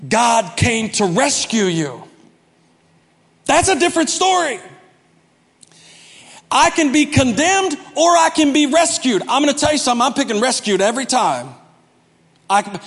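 A man preaching a sermon as pastor, humorous, swinging from soft asides to loud, emphatic bursts. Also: very high voice, in a large hall.

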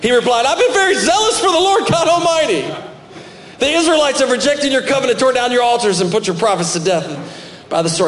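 A man's voice: very high-pitched, lively intonation, brisk, fairly bright tone, a little hiss or hum. A male pastor preaching a sermon and reading scripture aloud, rising into emphatic bursts. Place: church sanctuary. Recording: echoey church hall with long reverb.

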